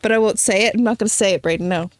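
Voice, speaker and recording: A woman's voice: mid-range voice, rapid-fire, no room sound, studio quality. A woman streaming a video game, chatting casually and playfully with her viewers and teasing them as she reads their messages. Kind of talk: casual gameplay live-stream chat.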